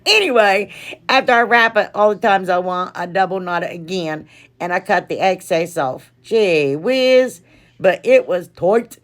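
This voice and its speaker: A woman's voice: mid-range voice, expressive, unhurried. A woman, chatting casually to her viewers as she walks through a craft project and an unboxing, rambling from one thing to the next. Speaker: craft vlogger. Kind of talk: casual tutorial and unboxing chat.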